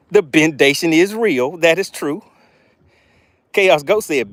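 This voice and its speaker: Excitable man hosting a fishing stream. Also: a little high, a little slow, no room sound. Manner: excitable, exclaiming. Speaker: fishing livestream host. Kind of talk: live fishing commentary.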